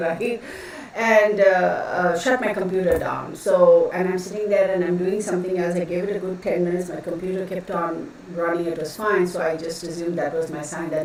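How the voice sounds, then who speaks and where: Talking at a moderate pace in a lowish, fairly even voice, a woman runs a tarot live stream, rambling casually and greeting viewers by name. She's heard from across a very echoey home room through a distant microphone, with faint noise from a running fan.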